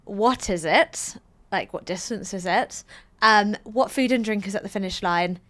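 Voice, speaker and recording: A woman co-hosting a podcast, chatting and firing off quick questions. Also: mid-range voice, a bit bright. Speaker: podcast co-host. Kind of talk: casual podcast chat.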